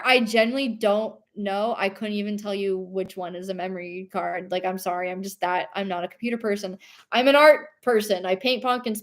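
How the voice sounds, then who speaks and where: A young woman streamer chatting casually and rambling, reading chat aloud and laughing often. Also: medium pitch.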